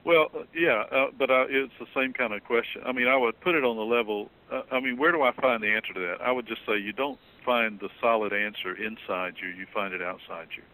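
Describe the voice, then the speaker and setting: A man in a theological discussion, explaining earnestly and jumping up in pitch when he quotes someone. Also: fairly quick, hardly any pauses, pushed and bright, rough recording. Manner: earnest, explanatory, rises sharply when quoting. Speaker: theologian being interviewed.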